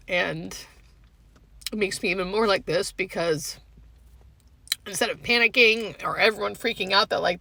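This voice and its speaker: A young woman sits in her parked car, trying not to cry as she talks, her speech halting and full of restarts. Her voice is bright with a gravelly fry underneath. She talks straight to the camera as a hospice nurse. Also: medium pitch, no room sound. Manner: halting, emotional, restarts with fillers. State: tearful, holding back crying. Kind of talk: emotional vlog, talking to camera.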